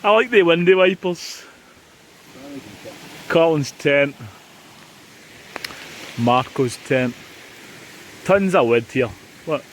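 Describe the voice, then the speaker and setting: A man's voice: on the high side, expressive, takes it slowly, long pauses, a little hiss or hum. A middle-aged Scottish man chatting casually on a camping vlog inside a hot tent, jokey with playful outbursts. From Scotland. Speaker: vlogger.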